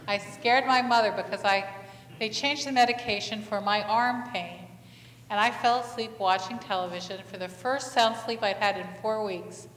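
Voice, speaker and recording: Her voice mid-range and fairly bright, a woman pastor speaks at normal speed through a conversational sermon, asking the congregation many questions and telling stories with animation. The recording comes from an echoey church sanctuary with faint ambience.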